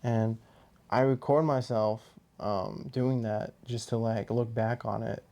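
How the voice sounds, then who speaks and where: A man telling a personal story in a rambling, halting way, with many restarts and fillers. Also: mid-range voice, fairly even intonation, mellow. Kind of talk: casual storytelling monologue.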